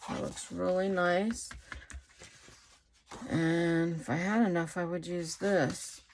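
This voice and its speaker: Unhurried woman with a gravelly, fading voice. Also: lowish voice, steady tone, a little mellow, slight background noise. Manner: unhurried, thinking aloud while working. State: losing her voice. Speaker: crafting channel host. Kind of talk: casual craft tutorial.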